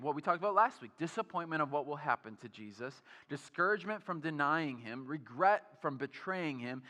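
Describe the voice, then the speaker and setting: Man, 30s, pastor, bright forceful voice, slightly high, casual sermon storytelling, long hall reverb. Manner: casual, storytelling, many fillers like "like". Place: church sanctuary.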